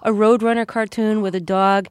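A woman interviewing a guest, asking questions in a relaxed, conversational way. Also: mid-range voice, moderate pace, smooth, no room sound, clean studio sound. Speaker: radio interviewer.

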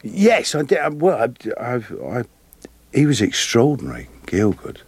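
A man with a Cockney accent, a guest actor telling lively anecdotes with frequent laughter. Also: mid-range voice, normal speed, slightly rough, no echo. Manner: animated, laughing often, plays voices in his stories. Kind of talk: storytelling interview anecdotes.

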